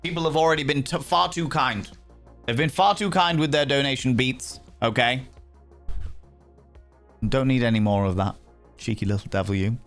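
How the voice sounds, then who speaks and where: A man's voice: medium pitch, normal speed, pauses often, fairly bright tone, faint music behind. Playful man streaming. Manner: playful, theatrical mock outrage. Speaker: livestream host. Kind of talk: casual chat with viewers.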